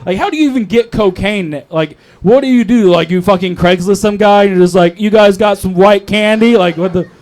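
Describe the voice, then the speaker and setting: Young guy doing open mic standup, pretty high voice, swearing a lot and rambling, handheld mic on a club stage. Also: a little fast, hardly any pauses, a little mellow. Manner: crude, rambling, mocking. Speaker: stand-up comedian.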